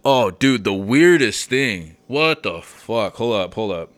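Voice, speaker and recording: Low-voiced young man rambling casually. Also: expressive, takes it slowly, dry recording. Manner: rambling, sidetracked, swears freely, says "dude". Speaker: podcast host. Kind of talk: casual solo podcast chat. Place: home room with recording setup.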